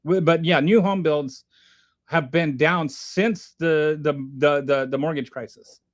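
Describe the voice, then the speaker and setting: A man hosting a casual livestream, reading chat aloud and commenting in a rambling, animated way with many restarts. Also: fairly high pitch, unhurried.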